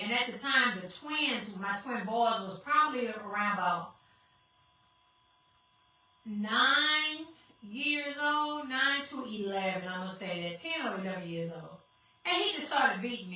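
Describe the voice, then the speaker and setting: A woman's voice: a little high, bright, forceful tone. A woman giving an emotional personal testimony to a congregation, speaking tearfully and calling out to the crowd as y'all. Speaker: guest speaker sharing testimony. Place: church sanctuary. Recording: echoey hall, voice from far off.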